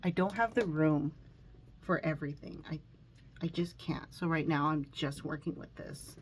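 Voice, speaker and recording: A woman's voice: low voice, moderate pace, a little hiss or hum, poor audio. A woman chatting while doing her makeup at home, recording on her phone. She rambles with lots of fillers, sounds a bit nervous, and is sniffling from allergies. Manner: rambling and self-conscious, with many fillers and restarts. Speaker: makeup vlogger. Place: room at home.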